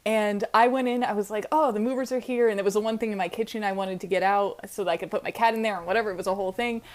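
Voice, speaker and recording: A young woman co-hosting a podcast, telling stories in casual chat, animated, laughing often and swearing freely. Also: mid-range voice, rapid-fire. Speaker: podcast co-host.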